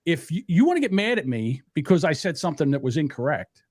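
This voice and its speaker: A man's voice: on the high side, very animated, fast talker, a little mellow, no room sound, clean studio sound. A man from New Jersey hosting a podcast, chatting casually and speaking bluntly and without apology. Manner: blunt, unapologetic. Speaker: podcast host.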